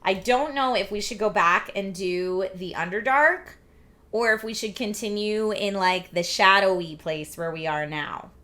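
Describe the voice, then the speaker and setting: Bright, husky-voiced woman streamer chatting. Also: mid-range voice, unhurried. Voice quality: slightly husky, scratchy voice. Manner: chatty, reads viewer chat aloud. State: lingering cough. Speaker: streamer host. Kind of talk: casual live-stream chat.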